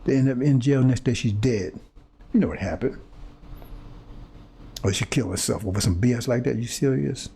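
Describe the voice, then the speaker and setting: A fiery male preacher with a dark, husky, mid-range voice delivers an impassioned monologue to his audience at a moderate pace, pausing often. He's confrontational and repetitive, stammering and restarting when he searches for words.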